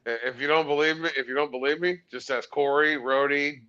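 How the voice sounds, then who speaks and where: A man with a bright, forceful voice chats in an easygoing, self-mocking way. His sound is a little dull and lo-fi, like a remote link. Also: mid-range voice, steady tone, normal speed. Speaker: podcast co-host. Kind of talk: casual chat.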